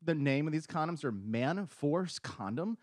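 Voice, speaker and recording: Brash, animated podcast guest, man. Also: fairly high pitch, a little slow, no room sound, clean studio sound. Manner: brash, profane, animated ranting. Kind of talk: casual comedy podcast chat.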